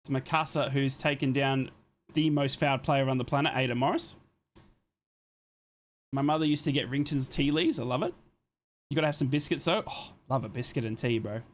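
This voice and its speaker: A man with an ordinary mid-range male voice streams a live football watchalong, chatting loosely. He alternates between calling the action on the pitch and responding to viewers' comments, quickly apologizing whenever he thinks he's been too blunt.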